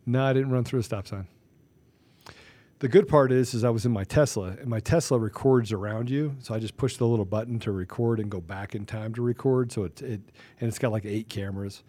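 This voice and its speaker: A man's voice: medium pitch, fairly quick, dry recording. A man hosting a talk show, telling a story with heat and acting out the dialogue, with frequent restarts. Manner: animated, acts out quoted dialogue, many restarts. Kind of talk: casual storytelling.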